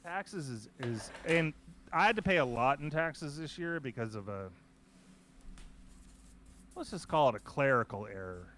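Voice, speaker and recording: Lively, animated man hosting a chatty podcast. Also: medium pitch, measured pace, long pauses, slight background noise. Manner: animated, rambling storytelling with many restarts. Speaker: host. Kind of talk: casual podcast chat.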